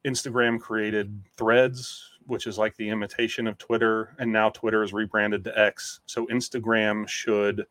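A man's voice: lowish voice, level tone, measured pace, hardly any pauses, a bit bright, no room sound. A man who writes about football, chatting on a sports podcast and reciting contract figures in an analytical way. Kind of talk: casual sports podcast chat.

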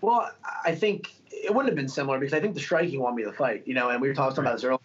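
A young man rattles through his stories at a quick clip, full of fillers and restarts. He speaks in a casual interview tone, and the sound is a little dull and lo-fi. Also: mid-range voice, a little hiss or hum. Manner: fast, rambling storytelling with many fillers. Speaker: fighter being interviewed.

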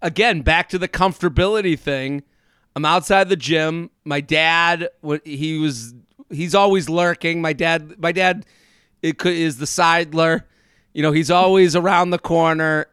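A man's voice: fairly high pitch, a bit bright, clean tone, no echo, clean studio sound. A man and comedian chatting on a podcast, telling stories with stumbling restarts and playful mimicked voices. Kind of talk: casual podcast chat.

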